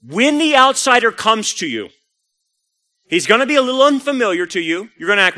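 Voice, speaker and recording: Animated, bright-voiced male pastor. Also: very high voice, fairly quick. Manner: animated storytelling, acts out voices. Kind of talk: sermon.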